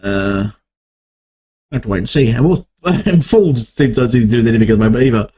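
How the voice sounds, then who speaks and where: His mid-range voice is dark and husky, and he talks fairly quickly. A young man hosting a reaction video, he offers casual commentary, rambling and revising himself as he goes.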